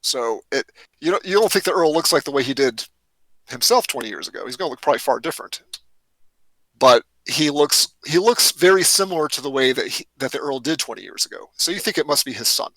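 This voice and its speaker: A man's voice: medium pitch, animated, brisk, a bit bright, no room sound, poor audio. A man narrating as game master in a tabletop role-playing game, often hesitant and restarting his sentences. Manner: hesitant, many fillers and restarts.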